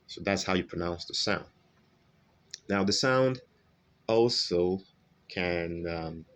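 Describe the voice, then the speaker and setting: A man's voice: sits low, muffled recording. A man teaching English pronunciation in an online lesson, modelling vowel sounds and repeating examples, often checking in with "okay?". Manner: slow, repetitive, modelling sounds, frequent "okay?" check-ins.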